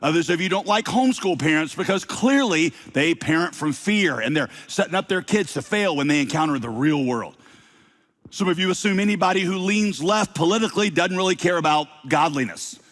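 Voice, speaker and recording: A middle-aged man with a slight Southern accent, preaching a sermon to his congregation with lively delivery and playful asides. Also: a little high, brisk. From Southern United States. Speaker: pastor.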